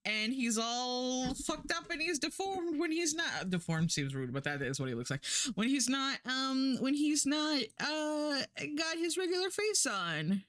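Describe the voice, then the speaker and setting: A woman's voice: a little high, fairly bright tone, no room sound. Chatty woman streamer, rambling and laughing. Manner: rambling, chatty, laughs often, swears casually. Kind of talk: casual live-stream chat while working.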